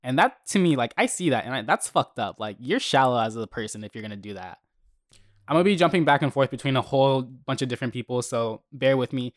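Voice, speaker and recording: A young man hosting a podcast, telling neighborhood stories in a heated, profane, animated way. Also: mid-range voice, fast, no echo, studio quality. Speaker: podcast host. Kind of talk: casual storytelling rant.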